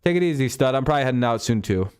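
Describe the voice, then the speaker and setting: A man's voice: mid-range voice, animated, very fast, a little mellow, smooth, no room sound, clean studio sound. A man hosting a casual football talk live stream, loose and joking, swearing freely as he signs off.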